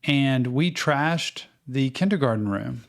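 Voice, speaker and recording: An animated middle-aged man with a light twang, spinning long stories on a casual podcast. His voice sits at a middle pitch and bounces as he acts out what people said. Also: slow pace, vocal fry. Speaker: podcast co-host. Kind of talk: casual storytelling.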